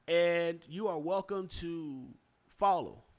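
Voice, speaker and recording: A man's voice: on the high side, takes it slowly. A young man hosting a casual podcast chat, talking loosely with lots of fillers and restarts. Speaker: podcast host.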